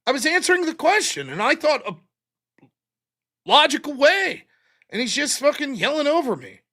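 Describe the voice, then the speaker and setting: A high-voiced man hosts a casual livestream, venting with heavy swearing. His pitch swings widely from line to line, and his tone is bright and tense. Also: very animated, moderate pace. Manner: exasperated, profane venting. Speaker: livestream show host. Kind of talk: casual livestream talk, reading viewer donations.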